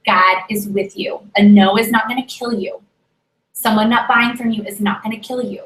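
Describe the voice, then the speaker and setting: A woman leading a motivational sales team training, energetic and repetitive, often checking in with "okay?". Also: on the high side, normal speed. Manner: energetic, pep-talk, repeats key phrases, many "okay?" checks. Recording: echoey room.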